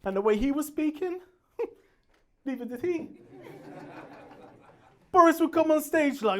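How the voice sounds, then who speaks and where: A man doing a stand-up comedy routine on stage, loud and brash, laughing at his own jokes. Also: extremely high pitch, expressive, measured pace, long pauses.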